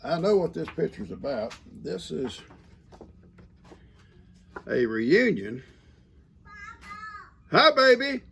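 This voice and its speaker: A man's voice: medium pitch, big pitch swings, slow, gravelly, pauses often, a little hiss or hum. An older man in casual chat, reading out viewer mail outdoors on a farm in a folksy, rambling way, breaking off to talk to his grandkids. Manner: folksy, rambling, talks to grandkids mid-sentence. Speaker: grandfather vlogger.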